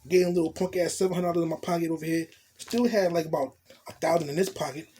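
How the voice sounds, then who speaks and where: Raspy, slightly high-voiced man; blunt, profane, animated street storyteller. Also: quick pace. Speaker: storytelling vlogger. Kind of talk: casual storytime monologue.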